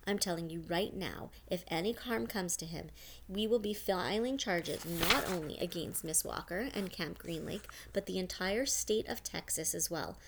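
A woman's voice: on the low side, moderate pace, heavy background noise, natural voice. A woman voicing a small, fierce female lawyer who snaps back and threatens charges. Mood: protective. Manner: sharp, snapping, combative.

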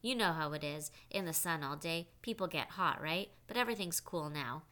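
Easygoing teen boy, casual and persuasive, bright tone, as a woman narrator does him. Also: sits low, lively intonation, moderate pace. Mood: smoothing over. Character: easygoing teenage boy smoothing things over. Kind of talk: audiobook character voice.

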